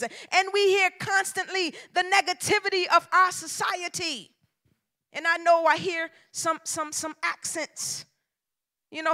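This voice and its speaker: A woman pastor preaching a sermon in a church, emphatic and colloquial, dropping to a hush and then rising to shouts. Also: very high voice. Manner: emphatic preaching with call-and-response cadence, swinging from hushed to shouted; colloquial, folksy storytelling. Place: church sanctuary.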